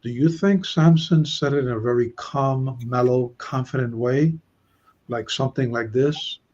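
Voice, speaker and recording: A man's voice: medium pitch, unhurried, a little mellow, highs cut off. A man hosting a Bible study discussion, chatty, reading verses aloud and putting questions to his listeners.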